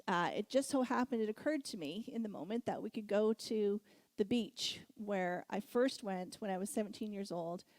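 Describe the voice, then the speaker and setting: Middle-aged woman speaker, warm storytelling sermon, laughs often, dry close sound. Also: medium pitch, vocal fry, no room sound. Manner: storytelling, laughs often, animated when recounting. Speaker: guest speaker.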